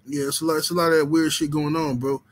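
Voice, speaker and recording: Dude, chillin on a boxing stream, cussin, lots of "you know what im sayin". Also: male voice, on the high side, level tone, fast talker, slight background noise, low-quality recording. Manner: laid-back, profane street talk with lots of "you know what I'm saying". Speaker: boxing channel host. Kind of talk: casual livestream chat reading the super chat.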